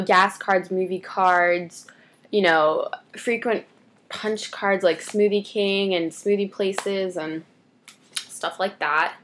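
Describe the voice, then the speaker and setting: A woman's voice: medium pitch, a bit bright. A teenage girl talks to camera in a casual beauty vlog. She rambles with chatty asides and backtracks. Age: teens. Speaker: beauty vlogger.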